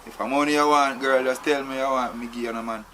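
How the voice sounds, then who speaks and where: A man's voice: mid-range voice, steady tone, fast, bright, forceful tone, slight background noise, natural voice. Man playing a defiant tied-up Jamaican man. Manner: insistent, repeats "you know". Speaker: actor. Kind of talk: acted film drama.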